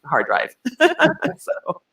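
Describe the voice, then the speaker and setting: A woman's voice: sits high, wildly swooping pitch, very slow, vocal fry, a bit bright, echoey room, distant mic, slight background noise. A woman singer and guest, talking in an upbeat, heartfelt way on a casual video call. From New York.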